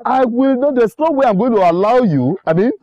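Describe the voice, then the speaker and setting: A pompous, boastful politician who grandstands about himself. His voice sits high and swings widely. It is a comedy film. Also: lively intonation, a little fast, no room sound, dull audio.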